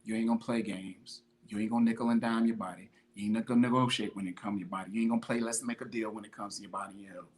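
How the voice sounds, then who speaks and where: A man's voice: fairly low pitch, steady tone, very fast, hardly any pauses. A man hosting a podcast, giving an emphatic motivational talk on consistency in a slangy, repetitive, preachy way. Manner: greets viewers by name mid-talk. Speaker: podcast host, fitness motivator. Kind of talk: motivational monologue.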